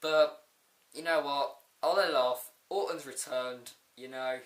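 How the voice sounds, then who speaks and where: A man giving a rambling, excitable casual video review of a wrestling show. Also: medium pitch, a little slow. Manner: excitable, rambling, with frequent fillers and outbursts. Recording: echoey room.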